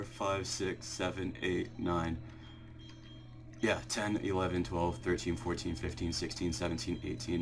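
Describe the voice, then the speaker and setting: A young man recording a vlog, swinging from ecstatic shouting and laughter to quick, low explanations, shaky and breathless with excitement. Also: a little hiss or hum. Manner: quiet muttered counting. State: shaking with excitement, heart racing. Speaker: shiny hunting video creator. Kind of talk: excited live reaction vlog.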